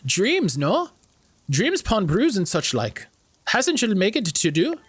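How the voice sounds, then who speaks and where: A man's voice: sits high, wildly swooping pitch, slow, a bit bright, husky, no echo, voice pushed up, full character voice. A man voicing an odd-spoken traveling woman customer in a put-on Scottish accent, with archaic, garbled phrasing. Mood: quaint.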